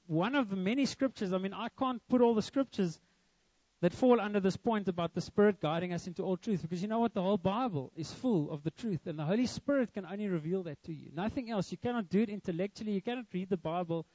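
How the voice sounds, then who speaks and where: Man, pastor, young, earnest emphatic sermon, high voice, warm tone, lo-fi sound. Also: fast talker, dry recording. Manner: earnest, emphatic preaching with repetition.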